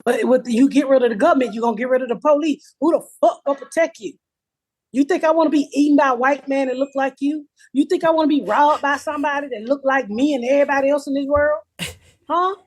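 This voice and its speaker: A woman in her fifties hosting a comedy podcast, telling stories loudly with lots of profanity over a patchy remote call. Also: high voice, quick pace. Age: 50s. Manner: loud, profane, animated storytelling. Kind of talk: casual podcast chat. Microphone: remote call with a patchy connection.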